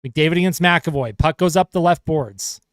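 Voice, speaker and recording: Man, fan hockey commentary, fairly high voice, dry close sound, play-by-play. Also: moderate pace, clear, resonant tone, no echo. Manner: excited play-by-play, chatty asides to viewers. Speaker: fan commentator livestreaming a game.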